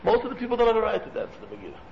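Animated man preaching, muffled recording. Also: very fast, vocal fry. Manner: animated, acts out quoted dialogue, sudden pitch jumps; mixes in many Hebrew and Yiddish terms. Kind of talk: sermon-like talk with retold stories. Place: room with listeners. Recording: muffled recording with faint room noise.

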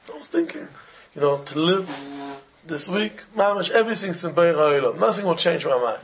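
A man with a fairly high voice gives an informal religious talk, moving from one everyday story to the next. His English is simple and a bit broken, and he sprinkles in Hebrew and Yiddish terms. A faint hiss sits under the recording. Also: sing-song, moderate pace. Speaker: religious teacher. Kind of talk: informal Torah talk with stories.

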